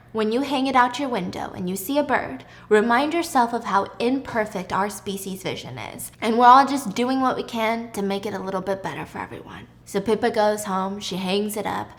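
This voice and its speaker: A young woman hosting a podcast, telling a story in a casual, animated way and acting out the people in it. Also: mid-range voice. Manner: animated, acts out characters with shouting and whispers. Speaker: podcast host. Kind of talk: casual storytelling with voiced quotes.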